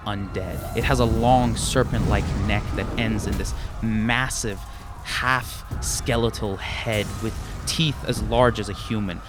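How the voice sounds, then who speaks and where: A man's voice: on the low side, fairly even intonation, measured pace, music in the background. A man narrating as game master, describing scenes in detail and sometimes repeating words as he thinks.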